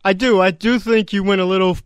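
A man, a radio show producer, giving a measured, hedging take on the quiz. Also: sits high, steady tone, smooth, no echo, clean studio sound. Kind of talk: casual sports radio banter.

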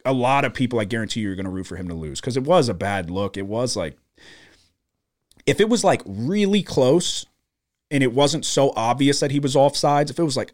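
A man's voice: mid-range voice, animated, a little fast. A man co-hosting a sports betting podcast from a studio, ranting in heated, profane casual talk. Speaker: podcast co-host.

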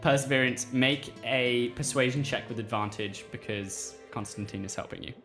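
A man's voice: medium pitch, little pitch movement, normal speed, over music. A man running a tabletop game, describing scenes casually with many fillers. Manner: casual, lots of "like" and "um". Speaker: game master.

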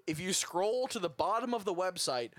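A man co-hosting a comedy podcast, reading out silly mock-announcer ad pitches. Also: expressive, moderate pace, no room sound. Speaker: podcast co-host.

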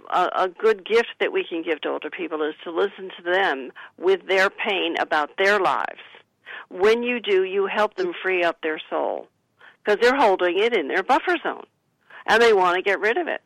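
An author talking about her book, coaching listeners gently and acting out soothing sample replies. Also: medium pitch, animated, normal speed, creaky, dry recording, rough recording. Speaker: author and guest. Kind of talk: conversational advice talk.

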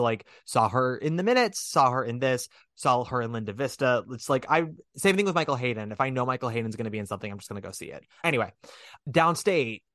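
Chatty, animated man, dry sound. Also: medium pitch, dry recording. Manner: animated, rambling, self-deprecating; swears casually. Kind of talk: casual chat.

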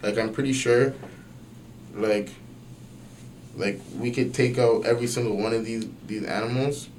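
A young man telling a story in casual podcast chat, slangy and animated, swearing often and using lots of fillers. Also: medium pitch, normal speed, a little hiss or hum. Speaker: podcast guest.

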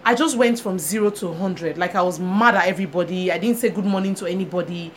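Speaking quickly in a fairly low voice, this woman co-hosts a casual chat show, animatedly recounting a story and performing the lines of the people in it. Faint background noise can be heard.

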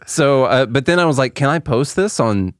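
Male podcast co-host, jokey and relaxed, dry studio sound. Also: mid-range voice, moderate pace, smooth, no echo. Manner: joking, easygoing banter. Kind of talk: casual political chat.

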